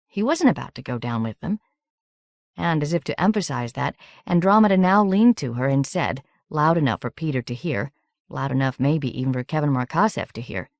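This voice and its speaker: A woman narrating an audiobook in a measured, steady reading. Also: sits low, no room sound, clean studio sound.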